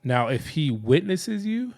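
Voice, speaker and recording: A man's voice: fairly high pitch, sing-song, unhurried, vocal fry, darkish tone. A man hosting a podcast, telling stories in a loose, rambling way with many restarts. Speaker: podcast host. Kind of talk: casual chat.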